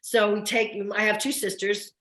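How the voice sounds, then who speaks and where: An older woman from New Jersey with a New York–New Jersey accent, an actress telling stories in a casual interview, quick and chatty. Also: medium pitch, steady tone, fairly bright tone, reverberant, poor audio. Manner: fast, chatty storyteller. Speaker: guest, soap opera actress.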